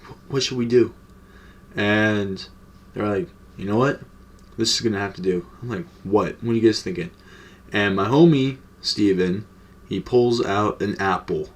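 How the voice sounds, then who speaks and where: Laid-back young man with a lowish voice. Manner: slangy, profane, laid-back storytelling. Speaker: storytime vlogger. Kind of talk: casual storytelling.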